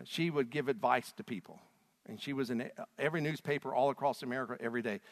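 A middle-aged man preaching a sermon as pastor, animated and rising to loud, emotional peaks as he reads scripture aloud. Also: mid-range voice. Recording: long hall reverb.

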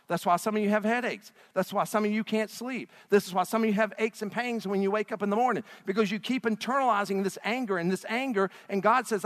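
A male pastor preaching a sermon with passion, swinging between loud and hushed delivery. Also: high-pitched, fairly even intonation, fast, hardly any pauses. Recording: long hall reverb.

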